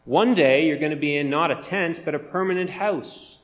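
Guy preaching in church, emphatic, slows way down on verses. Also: on the high side. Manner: emphatic, slows down to stress scripture. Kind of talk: sermon.

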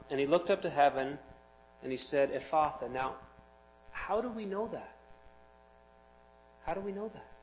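A man's voice: on the high side, a little hiss or hum, poor audio. A man preaching a sermon, reading scripture aloud and explaining it with rising emphasis. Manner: expressive, builds to emphatic peaks.

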